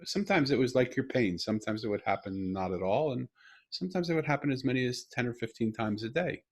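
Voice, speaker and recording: A middle-aged man hosting a podcast over a video call, telling an intimate story earnestly with halting restarts and bursts of emphasis. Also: medium pitch. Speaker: podcast host. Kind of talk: conversational storytelling.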